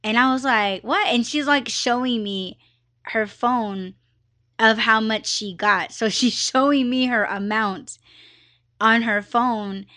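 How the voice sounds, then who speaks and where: Chatty woman podcast host, bright voice. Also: a little high, takes it slowly. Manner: chatty, animated, slips into quoted voices. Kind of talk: casual storytelling monologue. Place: her office.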